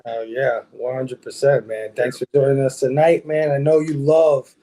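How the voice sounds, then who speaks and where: A man's voice: mid-range voice, flat delivery, normal speed, warm tone, slight background noise. A man hosting a casual movie panel show, upbeat and laughing often as he greets guests and the chat. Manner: hype, friendly, laughs often. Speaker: podcast host.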